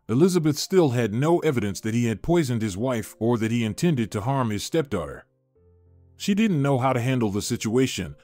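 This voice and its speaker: Man narrating a story over soft music. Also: medium pitch, no echo. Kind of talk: scripted narration. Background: soft background music.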